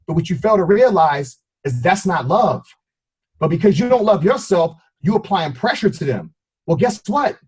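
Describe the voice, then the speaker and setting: A man's voice: high voice, husky. A man giving a motivational team talk, telling a story and acting out short voices and cat meows. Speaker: motivational speaker.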